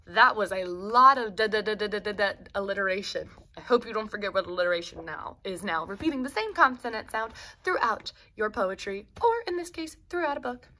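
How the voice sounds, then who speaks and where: A woman teacher reading a children's picture book aloud, expressive, adding explaining asides to young pupils. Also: mid-range voice, a little fast, hardly any pauses.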